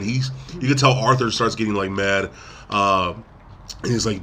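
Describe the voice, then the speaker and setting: A man's voice: low voice, steady tone, normal speed, bright, forceful tone, a little hiss or hum. A man hosting a podcast, rambling through a casual movie recap and acting out quotes in between. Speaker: podcast host. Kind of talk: casual movie review chat.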